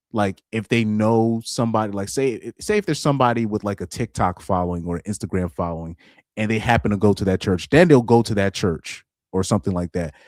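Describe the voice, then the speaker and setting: A man offers laid-back livestream commentary as a reaction streamer, laughing often and drifting between half-finished thoughts before restarting. His low, deep, slightly mellow voice has a villainous edge he jokes about himself, calling it super villain-like. The recording is close and dry.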